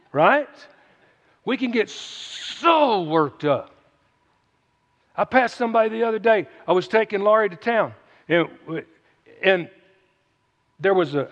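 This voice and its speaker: High-voiced folksy preacher. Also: male voice, fairly bright tone. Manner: folksy, joking, with asides to listeners. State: runny nose. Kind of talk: Bible reading and sermon. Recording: muffled, with long reverb.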